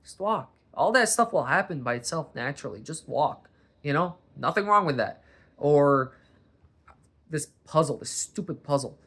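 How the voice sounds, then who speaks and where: A man's voice: a little high, animated, moderate pace, fairly bright tone, husky. A man from Boston talking to camera at home in a rambling, self-interrupting monologue, recorded on his coffee table. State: warm under a sweater, hat and blanket. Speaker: vlogger.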